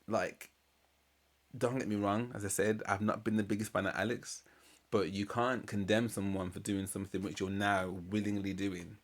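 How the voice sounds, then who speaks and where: Man, low voice, slangy, animated, casual reaction chat. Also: normal speed. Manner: chatty, slangy, animated retelling with laughs. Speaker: reaction channel host.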